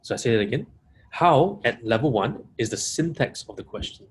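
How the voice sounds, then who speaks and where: Man, coaching trainer, webinar talk, emphatic stress, repeats himself, middle pitch. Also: lively intonation, a little fast, husky. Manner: emphatic, repeats key points, stresses single words. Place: live audience room.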